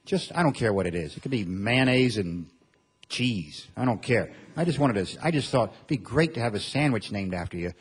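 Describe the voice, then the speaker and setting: A man from Montana performing a stand-up comedy set on stage, with a deadpan, drawling delivery. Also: fairly low pitch, moderate pace, breathy edge. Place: comedy stage before an audience.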